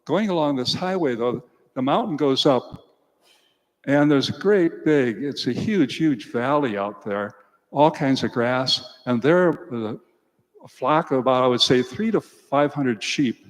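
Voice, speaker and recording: An older priest gives a homily in a church with a long reverb. He tells stories from farm life in a relaxed, folksy way and speaks to the children at mid pitch. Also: unhurried. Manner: folksy storytelling, talks to children.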